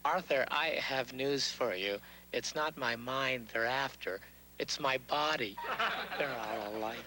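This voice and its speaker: An actor playing a witty, worldly talking turkey in a puppet show, with dry, theatrical wisecracks. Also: male voice, medium pitch, unhurried, noisy background, close to an everyday voice. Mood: wisecracking.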